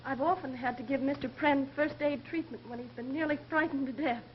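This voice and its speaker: A woman's voice: high-pitched, fairly even intonation, fairly quick, natural voice. An actress playing a level-headed female private nurse from England, dry and deflecting in manner. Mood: cool. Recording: 1930s film soundtrack, dull and hissy.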